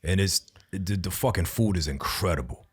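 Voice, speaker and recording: A male podcast host talks in a laid-back, slangy way during casual conversation, laughing often. His voice is low and a bit breathy, at a moderate pace.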